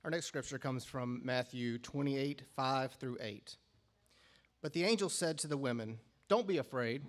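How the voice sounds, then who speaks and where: Guy reading the bible passage at church, steady and even, medium voice. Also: medium pitch, moderate pace. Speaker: scripture reader. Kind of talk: reading scripture aloud. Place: church sanctuary.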